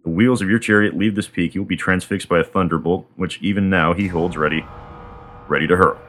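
A man reading the part of a female messenger goddess, giving a stern, quiet warning. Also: low voice, fairly even intonation, fairly quick, slight background noise.

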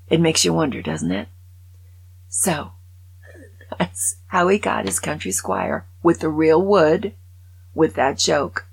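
An older woman hosting a podcast, talking in an excitable, gushing way that drops into whispers. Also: low-pitched, slow pace, creaky, long pauses, slightly rough, low-quality recording. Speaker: podcast host. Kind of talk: casual monologue.

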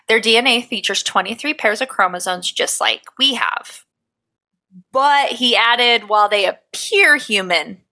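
A woman's voice: mid-range voice, pushed and bright, rough recording. A woman co-hosting a casual podcast, reading her research notes aloud with profane, jokey asides. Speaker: podcast co-host.

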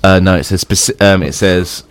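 A man's voice: deep voice, fairly even intonation, moderate pace, clean tone. A man co-hosting a radio show, joking around and reading a job advert aloud with lots of ums. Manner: joking, reads aloud with hesitant fillers. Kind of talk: casual radio banter.

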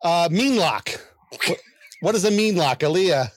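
A man's voice: high-pitched, expressive, unhurried, no echo. A man hosting a casual group guessing game, chatty and laughing often. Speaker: host.

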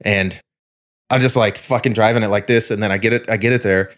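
A man's voice: on the low side, fairly even intonation, brisk, a bit bright. A man in casual podcast chat, telling rambling stories and swearing freely. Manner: profane, rambling storyteller. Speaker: podcast co-host.

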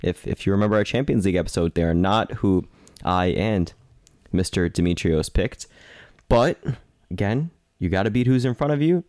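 A man's voice: sits low, normal speed, a little mellow, no echo, studio quality. A man co-hosting a sports podcast in casual chat, talkative and playful, often correcting himself mid-sentence. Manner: chatty, self-correcting, playful. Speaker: podcast co-host.

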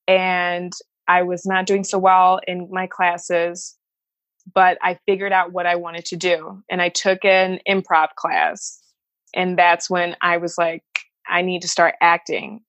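A woman's voice: fairly low pitch, a bit bright, no echo, highs cut off. A woman from the Chicago suburbs telling a personal story to an interviewer, candid and emotional, swearing freely and acting out the voices of people she quotes. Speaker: interview guest.

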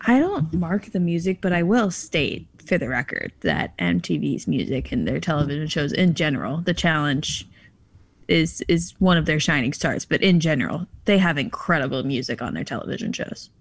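A woman's voice: low voice, very animated, moderate pace, slightly rough. A woman co-hosting a podcast, chatting casually and laughing easily. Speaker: podcast co-host. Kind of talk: casual chat.

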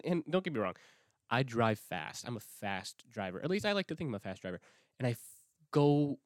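Young male podcast host, animated swoopy delivery, dry close sound, rambling and profane. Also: medium pitch, no echo. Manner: rambling, profane, self-interrupting with restarts. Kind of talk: casual rambling monologue.

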